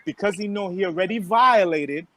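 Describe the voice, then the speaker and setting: High-voiced man telling a story. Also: normal speed, slight background noise. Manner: animated storyteller, acts out what others said; slangy, loose street talk. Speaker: podcast host. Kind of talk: casual podcast chat.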